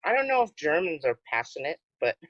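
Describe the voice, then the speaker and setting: Female co-host, low voice, slow, dry close sound. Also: very animated, dry recording, highs cut off. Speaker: podcast co-host. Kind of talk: casual chat.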